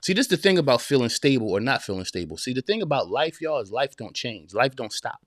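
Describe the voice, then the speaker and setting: A man's voice: medium pitch, very animated, fast talker, fairly bright tone, no echo, clean studio sound. A man in his forties hosting a live-streamed motivational podcast, talking straight to his listeners in a casual, preachy way, repeating his points and calling them y'all and man. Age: 40s. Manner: preachy, direct address with repetition. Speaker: podcast host.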